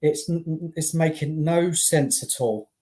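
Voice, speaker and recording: A guest talks football on a fan stream in a warm, dark tone. The delivery is exasperated and emphatic, with stammered restarts. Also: medium pitch, measured pace. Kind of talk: casual football chat.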